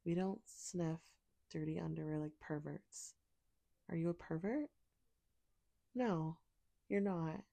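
A woman's voice: low voice, takes it slowly, creaky, pauses often, mellow. A woman speaking in an intimate audio role-play, teasing and commanding, sometimes dropping to a whisper.

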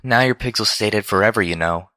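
A man voicing a timid, gentle female pony who speaks meekly and stammers when upset. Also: fairly low pitch, quick pace, no echo, studio quality, voice pushed up. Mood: fretful, meek. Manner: meek, faltering, stammering.

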